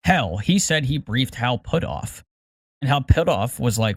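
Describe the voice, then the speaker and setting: A middle-aged man talks through a podcast segment at an ordinary pitch, sounding careful and hesitant and stumbling over repeated words. His voice sits dry and close on the mic. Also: expressive, unhurried, slightly rough, no room sound. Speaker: podcast co-host. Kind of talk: casual podcast chat.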